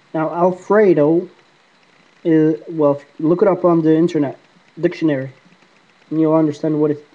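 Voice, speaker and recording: A man rambling casually to the camera in a paranormal app vlog, answering unseen spirits as he talks. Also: on the high side. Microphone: iPod camera mic. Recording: dull lo-fi iPod recording.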